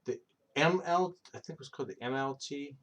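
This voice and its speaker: A man's voice: on the high side, fairly quick, a bit bright. A man in his thirties chatting casually on a stream, rambling and swearing freely, with many ums. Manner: rambling, filler-heavy, profane storytelling. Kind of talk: casual chat.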